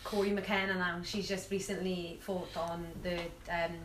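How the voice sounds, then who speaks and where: A woman's voice: lowish voice, level tone, measured pace, a little hiss or hum. Chatty young woman, distant roomy mic. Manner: chatty, many fillers and restarts. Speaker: podcast guest, jiu-jitsu fighter. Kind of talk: casual chat, storytelling.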